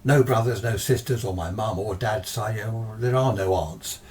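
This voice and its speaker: A man's voice: on the low side, normal speed, darkish tone, recorded from a distance, natural voice. A bewildered young woman , as a male storyteller puts her on, flustered and protesting over and over. The voice sits back from the mic, with a faint hiss behind it.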